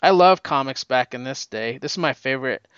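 A man recapping a comic issue in a casual, excited, rambling way, with lots of fillers. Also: mid-range voice, brisk, clean tone, no echo, lo-fi sound. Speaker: comic book reviewer.

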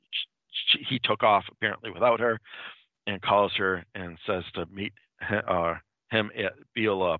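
A man's voice: lowish voice, dry recording. A man casually recapping a comic book plot in a loose, rambling way, his sentences strung together as he goes. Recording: tinny phone-like line, dry.

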